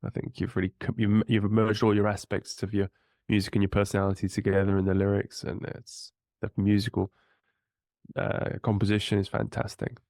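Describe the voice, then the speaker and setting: A man's voice: lowish voice, flat delivery, fairly quick, darkish tone, dry recording, clean studio sound. A man hosting a podcast, chatting in a friendly, hesitant way with fillers. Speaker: podcast host. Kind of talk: casual interview chat.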